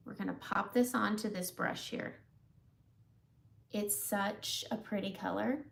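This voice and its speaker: A woman's voice: mid-range voice, normal speed, gravelly. A woman hosting a casual live makeup demonstration, chatting with viewers as she applies eyeshadow. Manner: chatty, greets viewers while applying makeup. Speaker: makeup livestream host.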